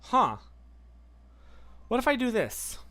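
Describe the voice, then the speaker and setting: A man hosting a casual livestream, chatting and answering viewer comments in an excitable, rambling way. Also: very high-pitched, slow. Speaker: livestream host.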